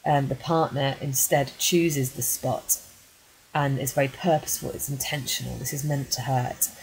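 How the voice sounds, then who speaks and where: A woman English teacher reading a poem aloud and then analysing it line by line in a measured way, with frequent ums. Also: a bass voice, steady tone, a little mellow, slight background noise, rough recording. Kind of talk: poetry analysis lesson.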